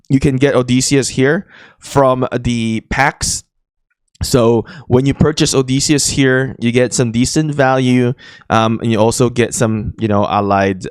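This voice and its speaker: A man's voice: mid-range voice, dry recording, clean studio sound. A man hosting a gaming channel, chatting casually as he walks through game screens, with frequent fillers and restarts.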